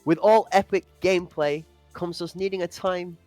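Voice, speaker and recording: A man casting an esports match live, talking quickly in long run-on sentences and tripping over his words. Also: high-pitched, fairly even intonation, darkish tone, no echo, faint music behind. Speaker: esports caster.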